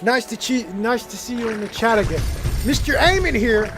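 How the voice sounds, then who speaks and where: A young man streaming a game, chatting casually and rambling, often getting worked up and loud. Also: extremely high pitch, expressive, moderate pace. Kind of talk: casual livestream gaming chat. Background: game music.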